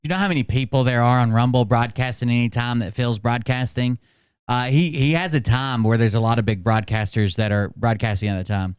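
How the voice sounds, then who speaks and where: A man's voice: medium pitch, fairly even intonation, fairly quick, smooth, dry recording, studio quality. A man hosting a commentary channel, talking in a sarcastic, scornful way. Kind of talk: critical commentary.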